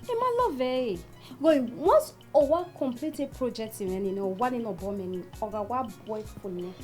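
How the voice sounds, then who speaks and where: A woman's voice: on the high side, expressive, moderate pace, a little mellow, soft background music, lightly acted. A woman playing a greedy, giggly Nigerian girlfriend. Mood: gossiping. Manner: coaxing, giggly, mixes pidgin. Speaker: girlfriend asking for money.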